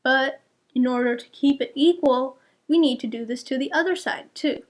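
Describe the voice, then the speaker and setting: A woman's voice: sits high, moderate pace. A young woman tutoring math to young students, patiently explaining each step and checking her answers.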